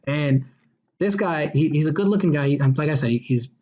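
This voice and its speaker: A man's voice: fairly high pitch, normal speed, a little mellow. A man hosting a casual podcast chat reviewing a movie, enthusiastic and rambling, with many fillers and restarts. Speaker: podcast host. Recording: dull lo-fi sound.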